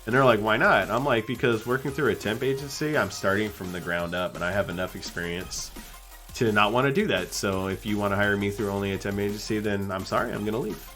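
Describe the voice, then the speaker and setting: A young man streaming live, chatting casually and acting out the people in his stories in a higher voice. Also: quick pace, faint music behind. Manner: animated storyteller, acts out quotes in a higher voice.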